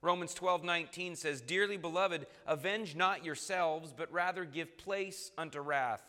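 A man's voice: fairly high pitch, measured pace, bright, forceful tone, in a large hall. A man preaching an earnest, emphatic sermon and reading scripture aloud.

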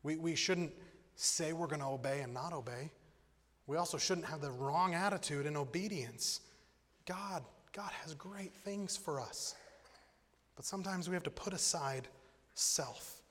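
A man's voice: on the high side, measured pace. Man preaching in a reverberant hall. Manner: animated, acts out voices in stories. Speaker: pastor. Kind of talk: sermon.

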